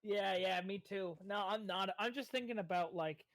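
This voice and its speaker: A man playing a tabletop game, excitable, laughing often and swearing casually. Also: high voice, moderate pace, no room sound. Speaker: player.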